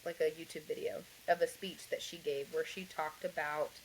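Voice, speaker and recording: A woman's voice: low-pitched, steady tone, normal speed, a little hiss or hum, low-quality recording. A woman guest on a podcast, earnestly telling her personal story in a rambling way, with many fillers and light laughs. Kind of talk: conversational interview, personal story.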